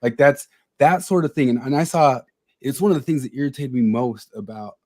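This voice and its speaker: A man's voice: mid-range voice, a little fast, darkish tone. A man co-hosting a podcast, talking bluntly in casual chat and often repeating his words. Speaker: podcast co-host.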